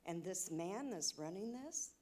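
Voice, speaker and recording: A woman's voice: lowish voice, lively intonation, measured pace, dark tone. A woman giving an emotional, indignant public comment at a city council meeting. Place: council chamber.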